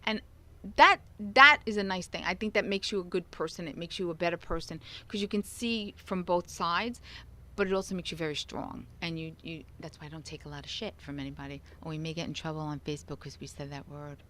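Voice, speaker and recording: A woman's voice: on the low side, fairly quick, pushed and bright. Chatty woman telling stories animatedly. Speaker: co-host. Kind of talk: casual chat.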